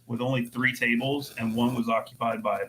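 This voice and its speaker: Male podcast co-host; dry wisecracks, mid pitch, clear background noise. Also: steady tone, a little fast. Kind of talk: casual podcast chat.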